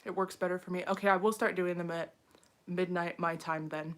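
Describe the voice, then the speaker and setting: A woman's voice: lowish voice, fairly even intonation, brisk. A young woman chatting casually on a home live stream, frazzled and full of fillers, talking to viewers as she reads the chat. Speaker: livestreamer.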